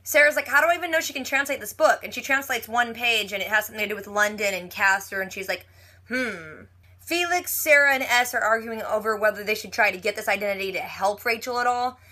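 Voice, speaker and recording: A woman giving a casual TV episode recap, chatty and retelling scenes with quick quoted lines. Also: a little high, bright, forceful tone. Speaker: TV recap vlogger.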